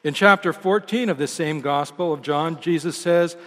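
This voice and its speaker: A male pastor delivering a sermon in a measured, emphatic way, letting each phrase sink at its close. His voice sits a touch high for a man. It rings out with a long reverb through a large church hall. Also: a bit bright. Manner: measured, emphatic delivery with falling line endings.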